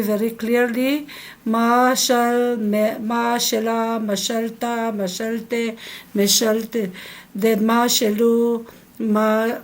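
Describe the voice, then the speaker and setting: Slow, patient woman teaching verb forms. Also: fairly high pitch, darkish tone. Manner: slow, repeats each verb form for students to echo. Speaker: Hebrew teacher. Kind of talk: recorded grammar lesson.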